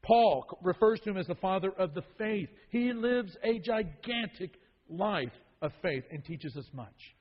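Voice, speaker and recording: Emphatic preacher in a reverberant hall. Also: male voice, high voice, lively intonation, measured pace. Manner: emphatic, repeats key phrases for weight. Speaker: Bible study teacher. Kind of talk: sermon-style Bible teaching. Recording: dull lo-fi sound with long hall reverb.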